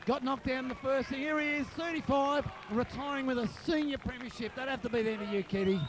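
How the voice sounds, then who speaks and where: A hoarse Australian man commentating excitedly outdoors at a football ground, calling out players' nicknames for a home video. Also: very high-pitched, brisk, background noise. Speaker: club supporter narrating home video.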